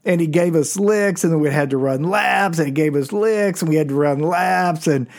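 Older man, 60s, slightly high voice, loose profane storyteller. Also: moderate pace, creaky. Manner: rambling, frequent restarts and profanity, chuckling. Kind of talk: casual personal storytelling.

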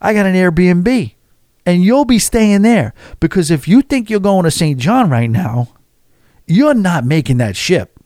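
A man voicing an amused, friendly male taxi driver who teases in an emphatic, lively way. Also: sits high, a little slow, no room sound, studio quality, voice pushed up. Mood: teasing.

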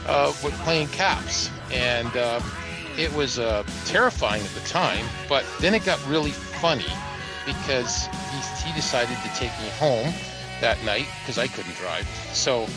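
A man, casually telling a long, animated anecdote on a podcast panel. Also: medium pitch, low-quality recording. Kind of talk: casual storytelling chat. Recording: music playing underneath.

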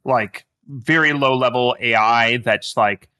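A man's voice: medium pitch, expressive, measured pace, bright, forceful tone, no echo. A man running a tabletop game as game master, explaining the world in a rambling way with many fillers.

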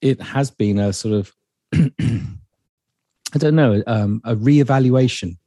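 A man hosting a casual chat, asking gentle, probing questions. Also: medium pitch, takes it slowly, no room sound, studio quality. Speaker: podcast host.

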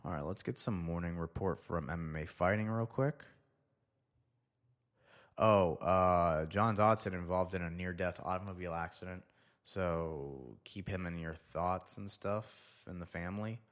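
Reading through items and muttering to himself, a young podcast host rambles loosely on his casual solo show. He has a deep voice and speaks at normal speed.

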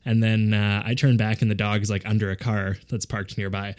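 A man's voice: lowish voice, level tone, fairly quick, darkish tone. A man telling a rambling anecdote in a casual chat, often laughing as he goes. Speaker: podcast co-host.

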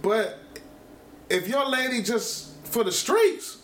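High-pitched dude talking casual podcast stuff, echoey room, animated. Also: male voice, takes it slowly, a little hiss or hum. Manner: animated, laughing storyteller. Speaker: podcast co-host. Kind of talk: casual group chat.

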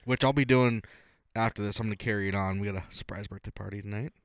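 A man's voice: fairly low pitch, fast talker, no room sound. A man co-hosting a casual beer-tasting podcast, swearing and joking as he tells stories. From Nebraska, USA. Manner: profane, joking, animated storytelling. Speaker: podcast co-host.

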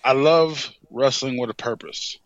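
A man, a pro wrestler, telling an animated story in an interview and often saying "you know what I'm saying". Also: mid-range voice, a little slow, dry recording, dull audio.

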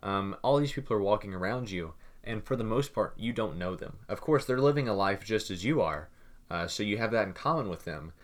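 A young man co-hosting a casual talk show, rambling and repeating words as he thinks out loud. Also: on the low side, expressive, a little fast. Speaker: podcast co-host. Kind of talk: casual chat.

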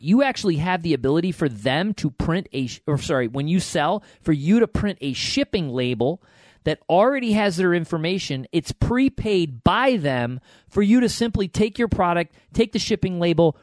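A man's voice: on the high side, animated, normal speed, no room sound. A middle-aged man co-hosting a podcast, telling stories and giving encouraging advice in a casual way with frequent restarts.

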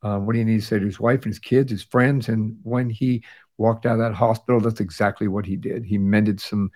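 A man's voice: fairly low pitch, steady tone, a little fast, a little mellow. A man hosting a podcast, recapping past episodes in a casual chat with fillers and restarts, sounding tired. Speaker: podcast host.

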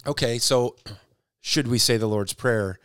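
A man co-hosts a casual faith podcast, speaking in an earnest, reflective way as he thinks aloud. His voice sits at an ordinary pitch. The recording is close and dry. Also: a little slow, fairly bright tone, smooth, dry recording. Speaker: podcast co-host.

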